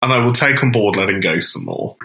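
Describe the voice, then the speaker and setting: Animated bright-voiced man. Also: on the low side, a little fast, creaky. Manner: animated, tells stories with laughs and exclamations. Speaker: podcast co-host. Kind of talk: casual chat. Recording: roomy echo.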